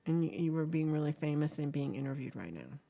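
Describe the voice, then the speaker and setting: A woman's voice: deep voice, sing-song, quick pace, vocal fry, mellow. A woman hosting a casual livestream chat, playful and giggly, now and then dropping into whispers as she talks to her viewers. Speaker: livestream host.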